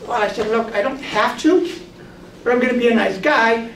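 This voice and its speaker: A man's voice: very high-pitched, moderate pace, a bit bright. A man casually telling stories about his drone photography work, animatedly acting out the voices of the people he quotes. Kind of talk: casual storytelling. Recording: roomy, distant mic, noisy.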